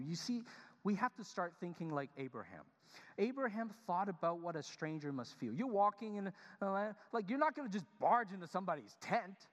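A male pastor giving a humorous, animated sermon, speaking directly to his congregation. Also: high-pitched, a little fast. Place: church sanctuary. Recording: long reverb of a large church hall.

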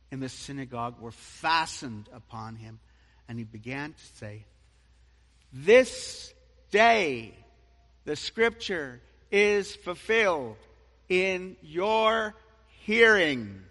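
A man preaching a sermon, dramatic, moving from quiet reading to loud proclamation. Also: medium pitch. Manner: dramatic, swings from soft to loud. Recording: long hall reverb.

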